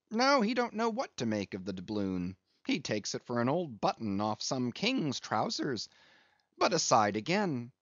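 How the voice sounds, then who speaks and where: A man's voice: mid-range voice, no echo. A man reading aloud as a jovial male sailor who muses to himself with chatty, wondering asides. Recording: dull lo-fi dry recording.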